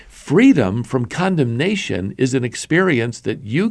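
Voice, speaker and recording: A male pastor preaching a sermon, stressing single words with slow, deliberate pauses. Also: mid-range voice, big pitch swings, creaky, a little mellow, no echo.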